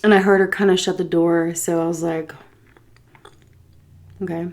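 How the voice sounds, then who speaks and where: A woman's voice: lowish voice, a little fast. Chatty woman telling a story while eating. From Texas, USA. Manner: chatty, animated retelling with quoted dialogue; eats between sentences, soft asides. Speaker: food vlogger.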